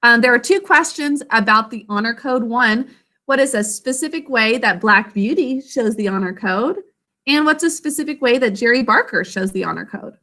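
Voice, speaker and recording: A woman teaching a class over a video call, encouraging and sounding out words slowly. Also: a little high, animated, sharp tone.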